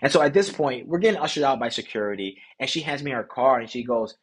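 Husky-voiced man telling a story. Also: medium pitch, fast talker. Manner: animated, slangy, swears casually. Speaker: podcast host, dating coach. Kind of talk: casual storytelling monologue.

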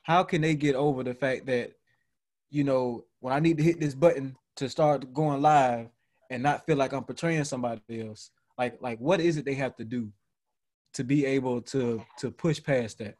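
A man's voice: normal speed, a little mellow. A man hosting a casual group podcast, talking loosely with fillers and frequent laughter. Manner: laughs a lot, jumps into high voices to mimic people. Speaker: podcast host.

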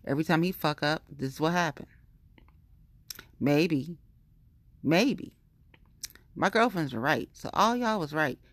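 A woman rants in a heated, profane monologue, circling back to the same complaints again and again. Her voice sits low, and it is recorded close and dry with no room sound around it. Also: no echo. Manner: profane, heated, repetitive venting. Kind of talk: casual ranting monologue.

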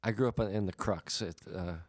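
A man's voice: lowish voice, steady tone, brisk, no echo, studio quality. A man from Rhode Island who acts in a local play, chatting casually in a playful way. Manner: playful, slips into mock accents. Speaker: actor in a community play. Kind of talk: casual chat.

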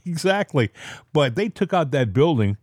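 A man hosting a casual political talk show, rambling with halting restarts. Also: fairly high pitch, sing-song, darkish tone, dry recording, studio quality. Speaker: podcast host.

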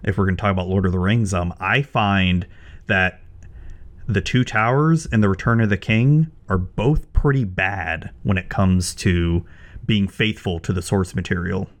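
A man's voice: low-pitched, moderate pace. A man in casual conversation, opinionated and blunt, swearing freely and often restarting his sentences. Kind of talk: casual chat.

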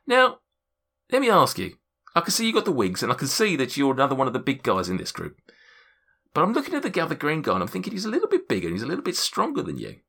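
A man's voice: on the high side, wildly swooping pitch, quick pace, vocal fry, bright, forceful tone, voice pushed up, full character voice. A man voicing a scheming little male gnome who sells potions, in a wheedling sales patter, in a tabletop game.

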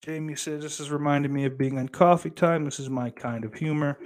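A man's voice: a little high, steady tone, a little fast, hardly any pauses. A male livestream host reading chat aloud in a put-on Irish accent, swearing often and breaking into giggles. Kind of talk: casual stream chat.

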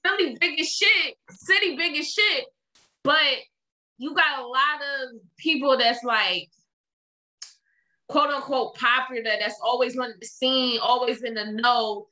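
A woman's voice: high-pitched, a little slow, poor audio. A young woman, chatting candidly and telling stories with lots of "like" fillers. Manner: candid, animated storytelling, frequent "like" fillers. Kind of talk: casual chat.

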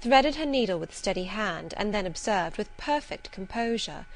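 A woman narrating a classic novel in a clear, measured, expressive reading. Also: mid-range voice, low-quality recording. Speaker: audiobook narrator.

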